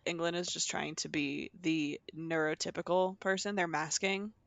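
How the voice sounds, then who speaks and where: A woman's voice: sits low, steady tone, normal speed, creaky, a bit bright, no room sound. A young woman co-hosting a podcast, chatting casually in a playful, teasing, sarcastic way. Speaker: podcast co-host. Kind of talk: casual chat.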